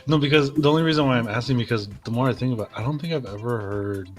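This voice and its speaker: A man's voice: mid-range voice, very fast. A young man chats casually as a podcast co-host. He laughs often and keeps prodding the others with playful questions. Faint music plays behind him. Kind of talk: casual chat.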